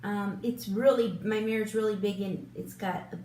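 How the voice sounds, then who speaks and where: A woman's voice: mid-range voice, fairly even intonation, normal speed, warm tone, slight background noise. A woman in her fifties, a beauty vlogger chatting casually while getting ready, rambling with lots of ums and restarts. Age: 50s. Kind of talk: casual get-ready-with-me chat. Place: room at home in front of a big lit mirror. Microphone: camera a little way off, turned sideways. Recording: roomy echo, voice a bit distant from the mic.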